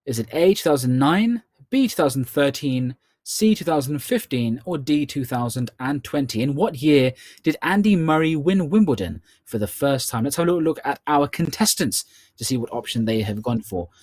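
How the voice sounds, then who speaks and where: A man with a Scottish accent hosting an online quiz in a chatty way, repeating each question slowly. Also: mid-range voice, animated, darkish tone, dry recording. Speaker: quiz host.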